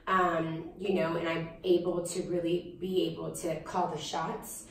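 A woman's voice: lowish voice, measured pace, vocal fry, slight background noise. A young adult woman, a singer-songwriter, chatting casually in an interview with lots of fillers. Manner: chatty, animated, frequent fillers. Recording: roomy, distant mic with faint ambience.

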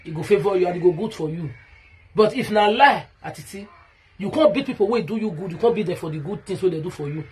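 A Nigerian woman vlogger rants straight to camera, aggrieved and repetitive, calling out a rival by name. Her voice is on the low side, dark and breathy, and she talks fast.

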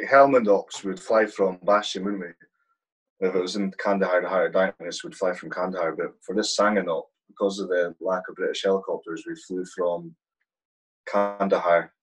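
Husky-voiced man telling war stories. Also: low-pitched, low-quality recording. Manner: blunt, swears freely, vivid war anecdotes. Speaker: guest, army platoon sergeant. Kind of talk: casual storytelling.

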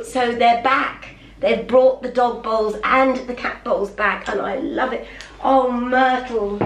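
A woman's voice: medium pitch, slight background noise. A middle-aged woman chatting in a home vlog, talking to her dog while she unboxes parcels and keeps exclaiming. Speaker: vlogger. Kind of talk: casual vlog. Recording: roomy, from a distance.

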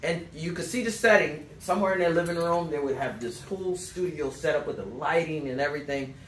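A man giving a sales coaching talk to a small group, telling stories in a loose, animated way and acting out quotes. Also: on the high side, brisk. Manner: animated storyteller, acts out quotes, loose rambling phrasing. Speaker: sales trainer. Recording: echoey room, mic at a distance, faint background noise.

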